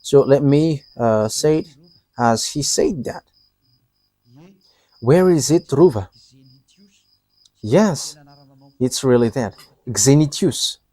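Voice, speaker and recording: A man's voice: mid-range voice, expressive, takes it slowly, long pauses, mellow, dry recording. A man giving a live religious teaching, talking hesitantly with many fillers and restarts and laughing often.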